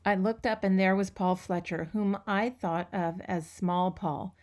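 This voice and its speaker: A woman reading a children's book aloud with expressive, lively storytelling. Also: medium pitch, a little slow. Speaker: reader.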